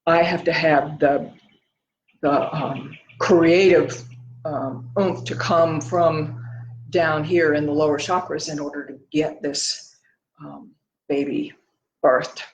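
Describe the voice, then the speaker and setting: A woman's voice: deep voice, steady tone, echoey room, highs cut off, slight background noise. A woman from the United States, a painter, chatting casually in her studio while thinking aloud, a little out of breath, recorded on a laptop. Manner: thinking aloud, rambling and halting. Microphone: laptop microphone.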